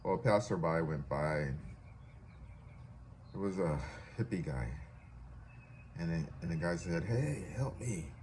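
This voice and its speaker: A man's voice: low-pitched, a little slow, long pauses, darkish tone, slight background noise. A man from California telling a story casually, loose and rambling with self-corrections.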